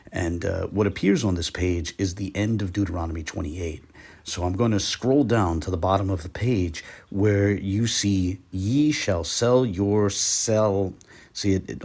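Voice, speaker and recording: A man giving a careful, methodical lecture over a shared screen, pausing often with "uh". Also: low voice, vocal fry, a little mellow, breathy edge. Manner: careful, methodical, with frequent "uh" pauses. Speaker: Bible language teacher.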